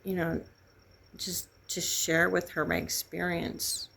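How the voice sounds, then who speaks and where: A middle-aged woman telling a painful personal story in halting, grieving, raw speech. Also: fairly low pitch, little pitch movement, gravelly, a bit bright. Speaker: vlogger sharing a personal story. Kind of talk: candid personal testimony.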